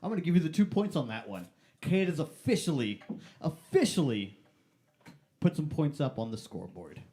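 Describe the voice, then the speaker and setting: Lively, drawn-out game show host. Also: mid-range voice. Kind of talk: playful game-show hosting.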